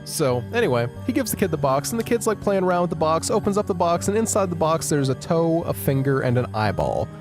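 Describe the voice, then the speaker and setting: A man hosting a podcast, telling a creepy story in a wry, animated way. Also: a little high, quick pace, hardly any pauses, over music. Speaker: podcast host. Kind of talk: casual storytelling.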